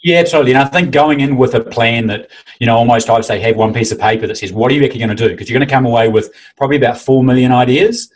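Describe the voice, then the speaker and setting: Man, quick speaker, husky voice, convention organizer, lively casual chat. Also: mid-range voice, poor audio. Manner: enthusiastic, animated storytelling with mimicked quotes.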